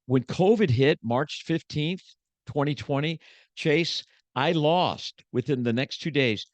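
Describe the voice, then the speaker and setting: A man, a motivational speaker, giving an emotional personal testimony as a podcast guest, shifting from hushed to emphatic like a preacher. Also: fairly high pitch, takes it slowly, no echo.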